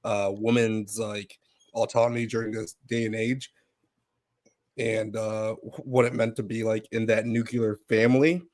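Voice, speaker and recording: A man's voice: lowish voice, level tone, unhurried, darkish tone. A man co-hosting a casual TV review chat, easygoing and analytical, laughing often. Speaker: podcast co-host.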